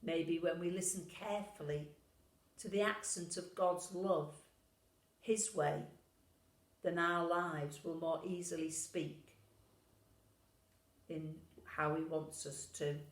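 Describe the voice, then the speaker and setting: A woman minister reading a pastoral letter in a gentle, reflective way. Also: fairly low pitch, steady tone, takes it slowly, long pauses, echoey room, poor audio. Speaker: Methodist minister. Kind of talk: pastoral letter read aloud.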